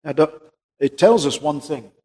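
Guy preaching, a bit high voiced, husky, big echoey church sound. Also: expressive, dark tone. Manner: earnest, rising emphasis on key words; reads scripture slowly in a raised voice. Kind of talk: sermon with scripture reading. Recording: long hall reverb.

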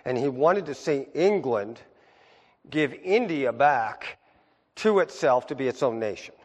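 A man preaching a sermon as pastor, moving from low asides to high, emphatic peaks. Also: animated, unhurried, in a large hall.

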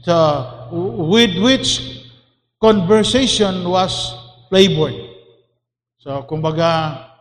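A man preaching a sermon emphatically, repeating key phrases for stress. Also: high voice. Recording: long hall reverb.

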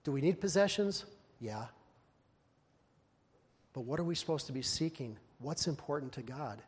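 Animated preacher in a reverberant hall. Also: male voice, mid-range voice, breathy edge. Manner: animated storytelling, acting out the characters in raised voice. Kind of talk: sermon.

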